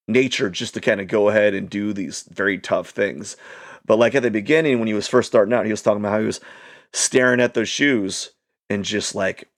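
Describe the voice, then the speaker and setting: A man talking casually and encouragingly to camera, rambling with lots of "like" and restarts, swinging between loud bursts and quiet asides. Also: medium pitch. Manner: rambling, heavy use of "like", frequent restarts. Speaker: channel host. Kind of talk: casual motivational monologue.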